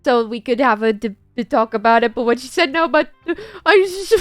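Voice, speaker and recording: Young irish woman, streamer, high voice, lively storytelling, dry close sound. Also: moderate pace, dry recording, faint music behind. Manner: animated, laughing, acts out the people in her story. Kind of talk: casual storytelling chat.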